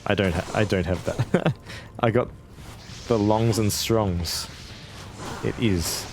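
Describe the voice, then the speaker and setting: A man's voice: lowish voice, slow pace, noisy background. A man in his twenties giving casual, rambling live gameplay commentary and chatting with viewers. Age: 20s. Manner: casual, chatty, rambling, answers chat between fights. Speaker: game streamer.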